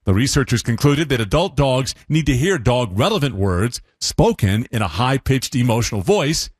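Guy hosting a radio bit, bouncy delivery, bit husky, dry close mic. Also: medium pitch, normal speed, dry recording. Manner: lively, playful, laughs at his own imitations. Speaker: radio host. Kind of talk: scripted radio segment.

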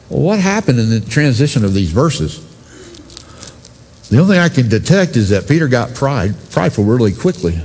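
A man's voice: medium pitch, big pitch swings, fairly quick, a little mellow, slightly rough. Man preaching in a reverberant church hall. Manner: conversational preaching with asides to the congregation. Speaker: pastor. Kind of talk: sermon.

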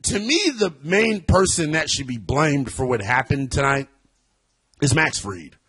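A man hosting a sports talk radio show, talking in an animated, emphatic way that gets loud at times. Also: a little high, a little slow, husky.

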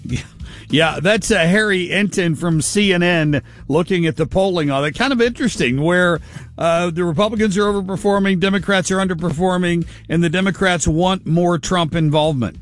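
A man hosting a talk radio show, commenting on clips in a casual, halting way with many fillers. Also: sits high, faint music behind.

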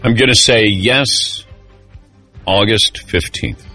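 A man's voice: lowish voice, slow, sharp tone, faint music behind. A middle-aged man hosting a casual sports talk show, joking and calling on his co-hosts by name. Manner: jokey, calls on co-hosts by name. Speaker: radio show host.

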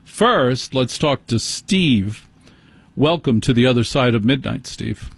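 A man's voice: medium pitch, expressive, slow, gravelly, husky, no echo. A man hosting a late-night radio call-in show from a studio microphone, telling stories in an exaggerated, self-mocking way.

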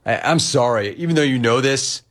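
Animated ranting radio host, man. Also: medium pitch, a little fast. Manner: animated, ranting, quoting others in mock voices. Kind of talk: sports talk radio.

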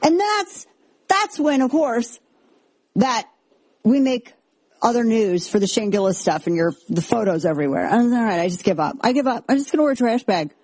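A woman in her thirties hosting a commentary show, talking in a chatty, sarcastic style with animated asides. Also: on the high side, moderate pace, husky, no room sound. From Texas. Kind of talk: casual opinion monologue. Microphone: headphones on, close mic.

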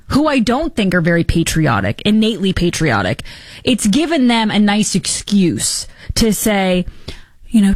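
Female host, mid-pitched, biting sarcastic delivery, dead-dry booth sound. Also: husky, no room sound. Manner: sarcastic, mocking, animated. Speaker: political commentary host. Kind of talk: opinionated political commentary.

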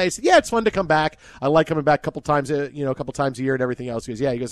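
A male sports radio host tells stories in a casual, animated way. His voice sits high for a man and climbs even higher when he gets excited. The studio sound is dry and close. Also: very fast, hardly any pauses, no echo.

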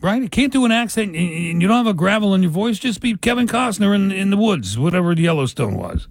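A man's voice: high voice, sing-song, fast, breathy edge, no room sound. A man with a New Jersey accent co-hosting a radio show, chatting casually and rambling with lots of fillers.

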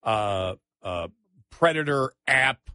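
Bright-voiced, incredulous male radio host. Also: mid-range voice, slow, no echo. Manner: animated, incredulous, stammering restarts. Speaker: radio talk show host. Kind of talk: casual political talk radio chat.

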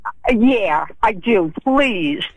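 Slow, blunt female caller with a New York accent, dry line. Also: mid-range voice, animated, no echo, highs cut off. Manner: blunt, protesting. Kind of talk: phone-in chat.

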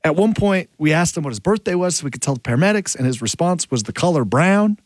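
A man telling a dramatic personal story in a casual chat, acting out his own lines with big jumps in pitch. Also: quick pace, dry recording. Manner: animated, rises sharply when acting out his own lines. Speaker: show regular telling a story.

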